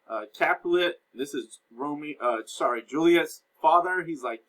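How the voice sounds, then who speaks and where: Bright-voiced male teacher recapping a play. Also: mid-range voice, moderate pace, hardly any pauses, poor audio. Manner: casual explaining, reads and paraphrases lines. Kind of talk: classroom lecture recap.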